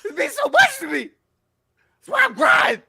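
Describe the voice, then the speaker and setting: A man's voice: wildly swooping pitch, normal speed, vocal fry, bright, forceful tone, raised voice, full character voice. Man doing a wailing, sobbing football player. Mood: wailing joy. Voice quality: wailing, high-pitched crying voice. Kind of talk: comic impression.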